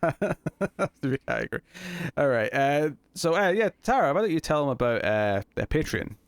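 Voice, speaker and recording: A man's voice: fairly high pitch, big pitch swings, a little fast, smooth, dry recording. A young adult man with a Scottish accent, co-hosting a casual TV review chat, joking, teasing and laughing often. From Scotland. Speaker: co-host of a TV review show.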